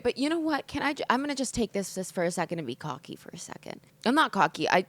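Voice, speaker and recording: A woman's voice: fairly high pitch, fast talker, few pauses, dry recording. A woman in her twenties, from the United States, hosting her own podcast in a candid, emotional solo monologue, swearing freely and saying "like" a lot. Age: 20s. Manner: candid, expressive, swears often, says "like" a lot. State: emotional, hungover. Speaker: podcast host.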